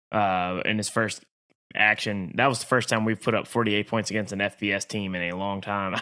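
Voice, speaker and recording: A man co-hosting a podcast, talking sports in a relaxed, conversational way with a few filler words. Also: lowish voice. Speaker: podcast co-host. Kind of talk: casual chat, sports talk.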